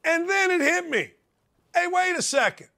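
A man's voice: very high voice, expressive, moderate pace. A middle-aged American man hosting a sports talk show, giving blunt, folksy relationship advice in a rambling monologue. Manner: blunt, folksy, rambling, swings between loud and muttered asides. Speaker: sports radio host.

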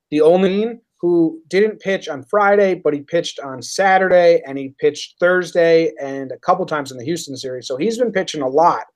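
A young man co-hosting a sports podcast, talking in quick, animated bursts. His voice sits a little higher than most men's. He argues his points with easy confidence. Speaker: podcast co-host. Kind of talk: casual sports chat.

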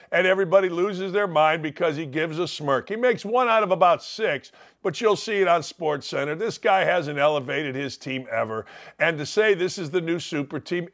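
Brash high-voiced man ranting about sports. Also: a bit bright. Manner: brash, sarcastic rants with big pitch swings. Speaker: sports talk show host. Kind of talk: opinionated sports monologue.

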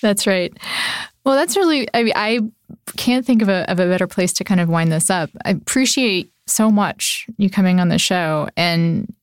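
A woman hosting a casual interview, friendly and quick to laugh along. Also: medium pitch, smooth, no echo, clean studio sound. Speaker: podcast host.

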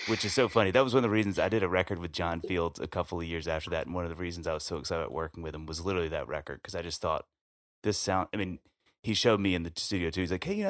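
A man's voice: sits low, dry recording, studio quality. A man co-hosting a podcast, telling stories in casual chat with lots of laughter. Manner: animated storyteller, laughs often. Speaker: podcast co-host.

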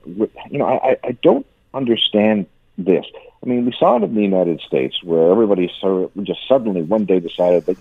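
A man commenting on the music industry in a radio interview, stammering and repeating words with an animated delivery. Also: on the low side, fairly quick, slightly rough, dry recording. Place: lives in Canada. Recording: tinny phone line.

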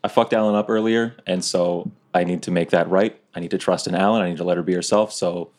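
A man with a fairly low voice plays in a tabletop game, describing his character's moves. His delivery stays dry and deadpan. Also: fast. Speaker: player. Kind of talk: tabletop role-play chat.

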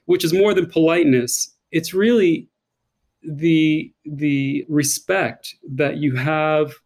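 Guest: American man, slightly high voice, effusive, restarts his sentences. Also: fairly even intonation, takes it slowly, darkish tone. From United States. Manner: enthusiastic, effusive, repeats words while searching. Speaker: guest, author and designer. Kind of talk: interview conversation.

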